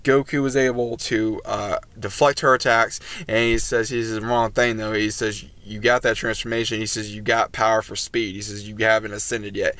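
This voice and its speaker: A man's voice: fairly low pitch, flat delivery, moderate pace, few pauses, fairly bright tone. A man giving a casual, rambling recap of an anime episode as a reviewer, with fillers and restarts.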